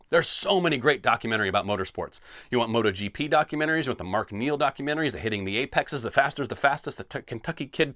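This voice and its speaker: A man rants on his solo podcast in an animated, tongue-in-cheek way, full of sarcasm. His voice sits in a middle pitch, and the close mic sounds dry with no room around it. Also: no echo. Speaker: podcast host. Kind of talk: opinionated solo podcast rant.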